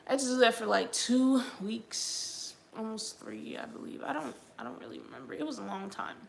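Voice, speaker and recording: A woman's voice: on the high side, lively intonation, moderate pace, creaky, slight background noise. A young adult woman hosting a livestream, telling a personal faith story in a chatty way, full of "like". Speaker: livestream host. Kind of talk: casual personal testimony vlog.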